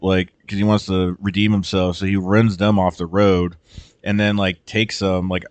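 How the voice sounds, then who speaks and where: A man's voice: on the low side, smooth, no echo. A man casually retelling a movie on a podcast, rambling, swearing often and acting out the characters' lines. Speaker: podcast host.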